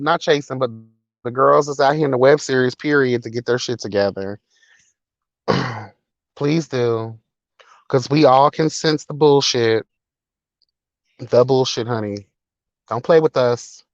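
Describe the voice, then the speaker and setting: A man's voice: medium pitch, moderate pace, pauses often, no echo, muffled recording. A man hosting a casual livestream, talking in a sassy, profane, dramatic way. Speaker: livestream host reading chat. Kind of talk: casual chat.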